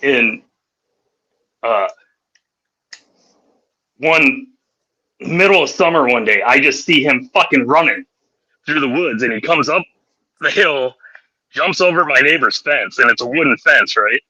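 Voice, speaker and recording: Man, podcast host, casual storytelling, profane, rowdy, very bright forceful voice. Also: medium pitch, animated, unhurried, long pauses, slightly rough, rough recording. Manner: profane, rowdy anecdote telling; laughs through his stories.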